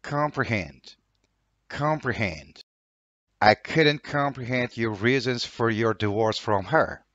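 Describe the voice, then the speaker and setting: Slow Turkish-accented man reading vocabulary. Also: mid-range voice, fairly bright tone, no echo, lo-fi sound. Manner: says each word twice, then reads an example sentence. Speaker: language teacher. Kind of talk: reading vocabulary words and example sentences.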